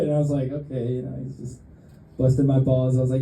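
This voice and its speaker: A man's voice: medium pitch, level tone, fast talker, warm tone. A young man doing a stand-up set on a club stage, rambling and self-deprecating, laughing at his own jokes. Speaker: stand-up comedian. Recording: roomy club stage sound.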